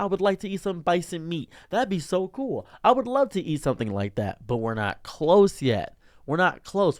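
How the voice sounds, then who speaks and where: A young man streamer giving an exasperated, animated ranting commentary. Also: fairly high pitch.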